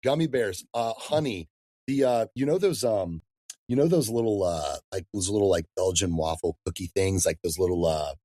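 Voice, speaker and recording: A lively man in his thirties talks shop as a fitness coach on a podcast, easygoing and full of slang like dude and man. His voice sits a little low. The sound is dry and close. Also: moderate pace, no room sound. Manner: animated, slangy, says "dude" and "man" often. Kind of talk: casual podcast interview.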